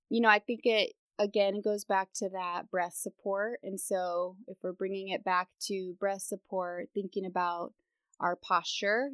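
Young female podcast guest, casual and chatty, creaky sentence endings, dry close mic. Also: medium pitch, fairly bright tone, no echo. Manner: casual, laughs often, vocal fry at sentence ends. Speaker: guest voice expert. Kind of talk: podcast interview.

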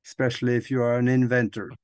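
A man's voice: mid-range voice, monotone, quick pace, a little mellow, dry recording, studio quality. A man hosting an interview show, speaking straight to the audience as he sets up a guest segment. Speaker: host.

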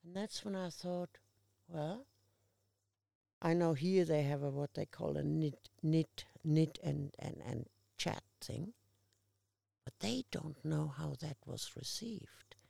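A woman's voice: low voice, slow pace, vocal fry, no echo. A woman from Australia, an interview guest, telling stories in casual conversation and acting out the voices of the people in them. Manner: animated storyteller acting out quoted voices.

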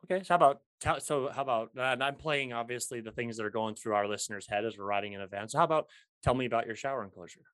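A man's voice: medium pitch, very fast, a bit bright, no echo. A man hosting a call with a guest, prompting him eagerly. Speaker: host.

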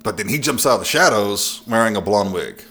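A man's voice: lowish voice, animated, a little fast, fairly bright tone. A man casually recapping a horror film's plot on a podcast, laughing often. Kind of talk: casual film discussion.

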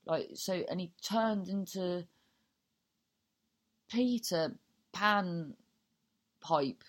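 A woman's voice: fairly low pitch, extremely slow. A woman hosting her own podcast, improvising a silly story with lots of restarts, swearing freely and joking at her own expense. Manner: swears freely, self-mocking humour. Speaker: podcast host and comedian. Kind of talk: casual solo podcast chat.

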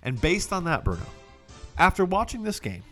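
A man co-hosting a sports podcast, his voice swinging up and down as he jokes and swears through the week's games. He speaks at a middle pitch, with faint music under the talk. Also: moderate pace. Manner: animated, joking, profane. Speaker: podcast co-host. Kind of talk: casual sports recap banter.

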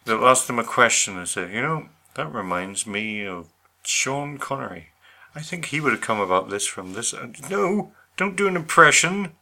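A man's voice: mid-range voice, big pitch swings, normal speed, vocal fry, few pauses, sharp tone. A man co-hosting a casual podcast chat, bantering in a dry, teasing way. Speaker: podcast co-host.

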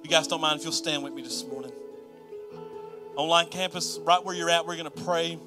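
A male pastor, his voice a little high and his tone level, preaches briskly over music. He alternates hushed, soft sections with loud, emphatic lines that repeat rhythmic phrases.

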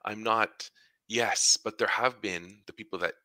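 A man with a low, deep voice and a very bright, forceful edge chats casually as a co-host. He tells his stories with animation and acts out the people in them. The sound is dry and close. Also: moderate pace, dry recording. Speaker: co-host, educator. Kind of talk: casual chat.

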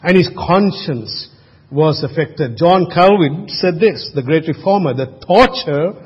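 A man preaching a sermon, asking the congregation questions and dropping his voice to a hush for emphasis. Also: on the high side, lively intonation, a little slow, slightly rough, long reverb tail, highs cut off. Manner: rhetorical questions, sudden drops to a hush. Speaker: pastor.

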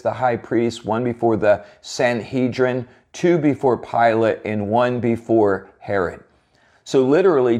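A male pastor gives an expository sermon in a mid-pitched voice. He reads scripture passages aloud and then explains them earnestly. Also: a little mellow.

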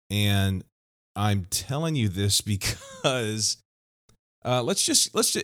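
Man, deep low voice, thirties, pastor, unscripted podcast talk, candid and rambling, lots of restarts. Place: Kansas City, USA.

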